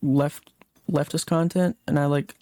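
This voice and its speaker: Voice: mid-range voice, fairly even intonation, unhurried, mellow, no room sound, studio quality. A young adult livestreamer chatting casually late at night while gaming, rambling and reading chat comments aloud before answering them.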